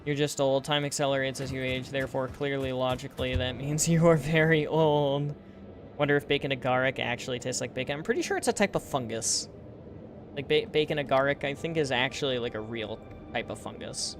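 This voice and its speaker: A man's voice: medium pitch, a little fast, over music. A man giving casual live-stream gameplay commentary, rambling and laughing at his own puns. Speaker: game streamer.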